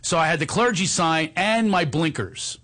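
A man's voice: on the high side, moderate pace, fairly bright tone. A man, a comedian, telling a personal story in a conversation, laughing often and acting out what others said. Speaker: comedian guest.

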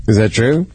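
A man co-hosting a casual radio talk show, telling rowdy stories and bursting into shouts. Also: fairly low pitch. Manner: rowdy, excitable storyteller who bursts into shouts. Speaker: co-host. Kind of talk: casual late-night radio chat. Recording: noisy background hiss.

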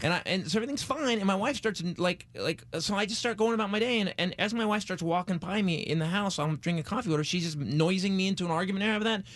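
A man's voice: high voice, quick pace, few pauses, a bit bright, no echo. A man in his forties telling a comic story, with stammering restarts and acted-out voices. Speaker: comedian telling a story on a podcast.

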